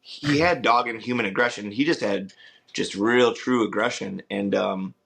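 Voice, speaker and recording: Young guy dog trainer rambling through a story on a podcast, lowish voice but bright and forceful, keeps saying "i was like". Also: normal speed, vocal fry, husky.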